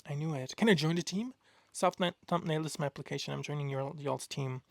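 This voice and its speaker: Young male vlogger, gravelly and a touch high, gushes and rambles. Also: brisk, dry recording, clean studio sound. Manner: excitable, gushing, rambling with many fillers. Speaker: art vlogger. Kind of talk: casual chat.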